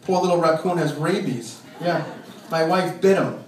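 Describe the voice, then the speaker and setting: A high-voiced man works through a stand-up set about his nagging wife and breaks into shrill impressions of her. The sound is a distant, echoey club recording with steady background noise. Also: moderate pace. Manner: exasperated, shrieking put-upon impressions of his nagging wife. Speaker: stand-up comic. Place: small comedy club. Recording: roomy club from a distant mic, noisy. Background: crowd laughter.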